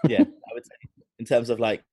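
This man co-hosts a casual podcast chat, voice sitting at a middle pitch. He banters and teases at a quick clip. The sound is dry and close, with no room around it. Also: fairly even intonation, mellow, slightly rough, no room sound. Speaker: podcast co-host.

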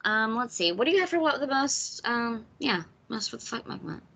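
A woman's voice: fairly high pitch, big pitch swings, moderate pace, vocal fry, bright, forceful tone, husky. A woman from the United States hosting a casual film podcast, asking questions and laughing often. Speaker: podcast host.

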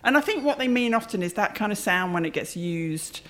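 A woman's voice: medium pitch, expressive, brisk, a bit bright. A middle-aged woman, a singer chatting as a guest, telling stories in a chatty, self-deprecating way with laughter. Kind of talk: casual chat.

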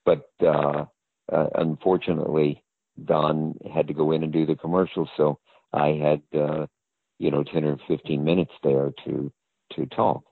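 A man's voice: extremely low pitch, little pitch movement, normal speed, creaky, no room sound. An older man from the American South, a guest telling stories from his career in a rambling, hesitant way, with many fillers and restarts. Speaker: interview guest. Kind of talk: casual anecdotal storytelling. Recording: dry, phone-like line.

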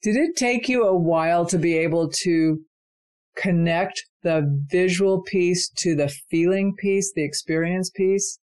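A woman's voice: lowish voice, unhurried, a little mellow, clean tone. A woman hosting an interview, asking questions and affirming her guest's stories. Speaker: interviewer host. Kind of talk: conversational interview.

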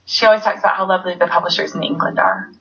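A woman's voice: fairly low pitch, fairly even intonation, racing, creaky, fairly bright tone, highs cut off. Effusive chatty woman author on a call. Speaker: author guest. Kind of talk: casual interview chat. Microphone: video call.

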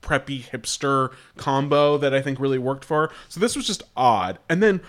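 A man's voice: medium pitch, animated, normal speed, fairly bright tone. A man co-hosting a podcast, chatting casually in a hesitant, wry, rambling way. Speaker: podcast co-host. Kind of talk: casual chat.

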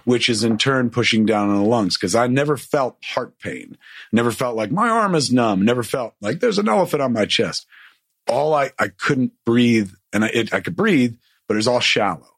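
A man's voice: mid-range voice, expressive, normal speed, fairly bright tone, breathy edge, dry recording, studio quality. A man casually telling a long story with lots of swearing, acting out what people said. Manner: profane, rambling, acts out quotes.

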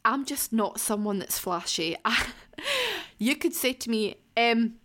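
A woman's voice: on the high side, measured pace, a bit bright. A young adult woman, hosting a solo Q&A podcast and talking in a candid, chatty, heartfelt way with the odd swear word. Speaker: podcast host. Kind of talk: casual solo Q&A podcast chat.

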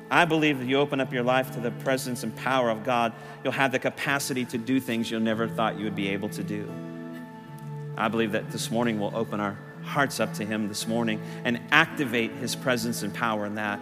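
A man preaching a sermon to his church, impassioned, his voice rising loud and high on key lines. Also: long reverb tail. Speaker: pastor. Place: church sanctuary.

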